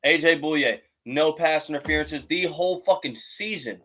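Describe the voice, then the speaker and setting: A man's voice: a little high, normal speed, few pauses, fairly bright tone, soft background music, poor audio. Guy cohosting a sports podcast, cusses a lot, hammers his points hard. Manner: blunt and profane, emphatic rants. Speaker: podcast co-host. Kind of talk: casual sports chat.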